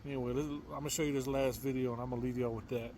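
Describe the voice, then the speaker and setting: A man giving casual political commentary on his own channel, halting and often repeating his words. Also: mid-range voice, steady tone, noisy background. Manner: repetitive, halting, stumbles over words.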